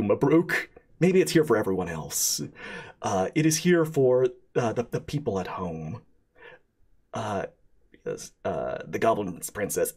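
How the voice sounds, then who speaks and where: A sleep-deprived man narrating a tabletop game as game master, halting and full of fillers and restarts. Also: deep voice, darkish tone, slightly rough.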